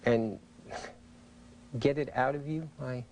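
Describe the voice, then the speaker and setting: A male interviewer with a mellow, gravelly voice asks slow, reflective questions. A faint hum sits under the recording, and he keeps his measured, exploring tone throughout. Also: medium pitch, low-quality recording. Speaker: clinical interviewer. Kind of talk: therapeutic interviewing.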